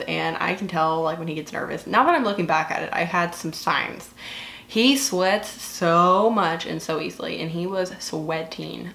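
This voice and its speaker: A twentysomething beauty vlogger with a Southern US accent gushes and chats casually as she does her makeup, using plenty of fillers. Her voice sits fairly low and is a bit bright, with a moderate pace. The room is echoey, and there's a little hiss or hum.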